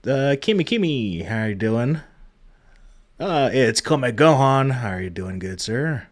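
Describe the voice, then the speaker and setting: A man's voice: medium pitch, sing-song, a little slow. Man greeting chat on a livestream. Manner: greets chat viewers by name, soft and warm-hearted; trails off with many ums and uhs. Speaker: livestream host. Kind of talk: casual memorial livestream chat.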